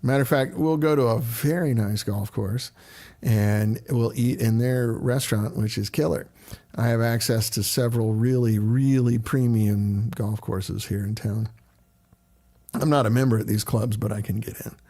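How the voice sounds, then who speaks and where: A man's voice: medium pitch, fairly even intonation, normal speed, warm tone. A middle-aged man hosting a casual livestream, chatting loosely and greeting viewers by name as he answers their questions.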